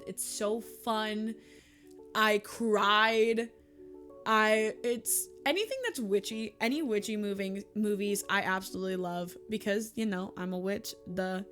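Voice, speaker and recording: A woman's voice: mid-range voice, a bit bright. A young woman, chatting casually to camera in a vlog, emotional and gushing, laughing often and teary. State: tearful. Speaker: YouTuber and streamer. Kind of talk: casual monthly vlog chat.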